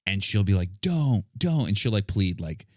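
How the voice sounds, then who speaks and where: A man's voice: low voice, steady tone, brisk, dry recording, studio quality. A man co-hosting a casual podcast, reading listener questions in an easygoing way and laughing often.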